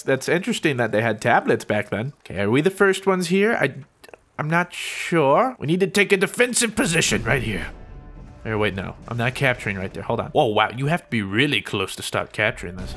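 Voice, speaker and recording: A man with an American accent giving excitable, giggly let's-play commentary. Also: a little high. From United States. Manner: excitable, giggly, frequent shrieks. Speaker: gaming YouTuber.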